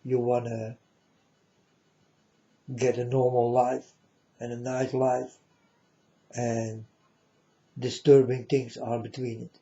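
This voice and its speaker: A man giving a mournful prophetic warning monologue, slowly speaking straight to his listeners and calling them folks. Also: medium pitch, monotone, warm tone. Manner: slow, mournful, repeatedly addresses listeners as folks. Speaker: self-styled prophet. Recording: dull lo-fi audio.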